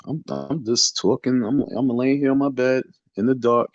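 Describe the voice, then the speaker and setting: A man's voice: medium pitch, moderate pace, dry recording, lo-fi sound. A man hosting a livestream from his bedroom, talking into a phone in a defiant, repetitive, sermon-like way. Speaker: livestream host. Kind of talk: casual preachy livestream rant. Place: bedroom in the dark.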